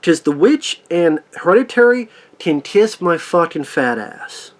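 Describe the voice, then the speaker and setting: A man tears into a film in a foul-mouthed, sarcastic rant. His voice sits slightly high for a man. He swings between mocking quotes and blunt complaints. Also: big pitch swings, a little slow. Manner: angry, profane, sarcastic ranting. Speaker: movie reviewer. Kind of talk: profane rant review.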